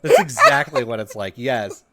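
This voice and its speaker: A man's voice: mid-range voice, normal speed, a crowd in the background. A young man co-hosting a podcast, telling a story in casual chat, rambling with lots of fillers and acting out what people said. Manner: animated, rambling, many "like" fillers, acts out quotes. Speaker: podcast co-host.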